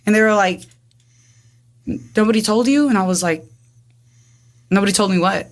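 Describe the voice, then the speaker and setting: A woman in her twenties telling her own story in casual chat, rapid and animated, acting out what everyone said with lots of "like". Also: mid-range voice. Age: 20s. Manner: rapid, animated, acts out dialogue with frequent "like". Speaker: guest.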